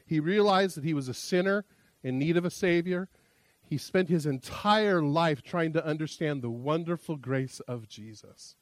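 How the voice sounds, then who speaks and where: A man's voice: fairly high pitch, moderate pace, no room sound. Chatty male pastor, dry close sound. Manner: chatty, self-deprecating storyteller with many restarts. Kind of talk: sermon.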